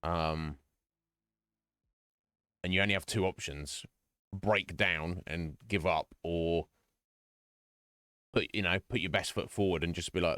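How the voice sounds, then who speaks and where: A man with a low, deep voice talks earnestly to his stream chat, rambling and restarting his sentences as he goes. The sound is dry and close, with no room echo. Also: fairly even intonation, measured pace, pauses often, fairly bright tone. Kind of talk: casual chat.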